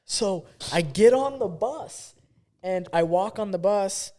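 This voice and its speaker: A young man from Southern California, hosting a podcast and telling a story in casual chat, animated and swearing freely. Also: sits high, takes it slowly. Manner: animated, swearing, acts out quotes. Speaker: podcast host.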